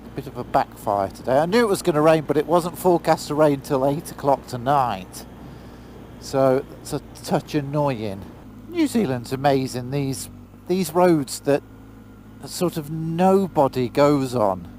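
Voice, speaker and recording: A man's voice: fairly high pitch, animated, measured pace, a little mellow, a little hiss or hum. A man chatting casually into a helmet camera while riding a motorbike outdoors in pouring rain, exclaiming and swearing now and then. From Britain. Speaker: motorcycle vlogger. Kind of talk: casual vlog commentary.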